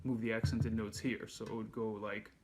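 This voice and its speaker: A man giving a handpan lesson, calmly explaining and counting beats aloud. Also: fairly low pitch, moderate pace. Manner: relaxed, patient explaining, counts beats aloud while playing. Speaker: handpan teacher. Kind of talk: music lesson instruction. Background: handpan music.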